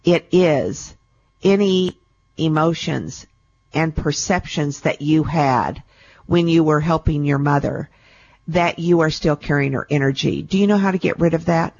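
Low-voiced chatty radio host woman. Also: unhurried, highs cut off. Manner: warm, chatty, calls callers sweetie and darling. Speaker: radio show host and intuitive reader. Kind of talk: call-in radio talk.

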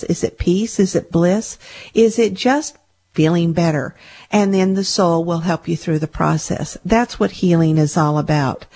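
A woman's voice: medium pitch, a little mellow. A middle-aged woman hosting a spiritual self-help talk show, speaking earnestly and reassuringly, with a lot of repetition. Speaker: host and energy healer.

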